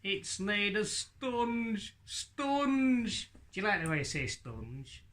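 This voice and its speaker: A man's voice: high-pitched, big pitch swings, takes it slowly, a bit bright, pitched above the performer's own voice, full character voice. A man voicing his own ventriloquist puppet, a confused, cheeky character with a sponge brain who keeps interrupting. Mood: cheeky, daft. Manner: confused, cheeky, interrupting, talked without lip movement.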